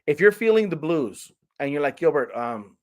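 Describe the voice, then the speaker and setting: A man's voice: on the high side, very animated, moderate pace, a little mellow. Sarcastic man ranting about a movie. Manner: sarcastic, exaggerated, rambling with many restarts. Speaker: movie reviewer. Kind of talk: ranting casual movie review.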